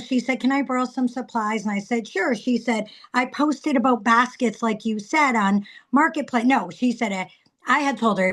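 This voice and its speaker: Woman in her 30s, casual sales coaching talk, kinda high voice, animated storyteller. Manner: chatty, animated storytelling with acted quotes. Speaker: direct sales trainer.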